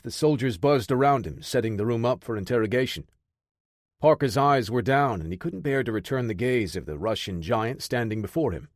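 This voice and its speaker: A man narrating an action audiobook in a steady, measured voice. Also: mid-range voice, no echo, studio quality.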